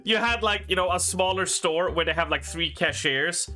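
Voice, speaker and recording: A man's voice: high-pitched, normal speed, pushed and bright, faint music behind. An Australian man chatting casually while streaming a game, rambling with lots of fillers and frequent laughter. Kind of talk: casual chat while gaming.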